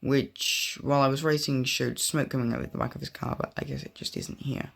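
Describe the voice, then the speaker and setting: A man's voice: mid-range voice, fairly even intonation, fairly quick, vocal fry, fairly bright tone. A young man giving casual, rambling commentary over racing game footage, often drifting off on tangents. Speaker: gaming video creator.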